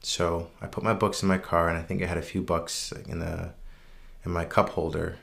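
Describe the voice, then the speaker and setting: A man casually telling a personal anecdote, relaxed and unscripted, with frequent ums and restarts, earnest and reflective. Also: sits low, normal speed, vocal fry. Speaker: storyteller.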